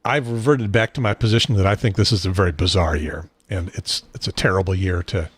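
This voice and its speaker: Lowish-voiced man hosting a podcast. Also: steady tone, brisk, slightly rough, no room sound. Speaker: podcast host. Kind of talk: casual chat.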